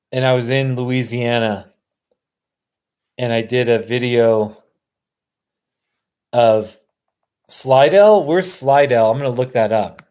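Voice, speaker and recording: A man's voice: medium pitch, darkish tone. A man hosting a casual live stream, rambling and answering viewers' comments. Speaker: livestream host. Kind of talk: casual livestream chat.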